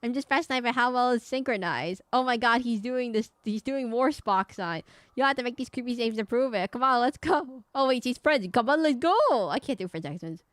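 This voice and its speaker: A woman's voice: on the high side, fairly quick, fairly bright tone, dry recording. Chatty woman streaming a game. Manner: chatty, exclaiming, reads game dialogue aloud. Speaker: VTuber streamer. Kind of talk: live gameplay commentary.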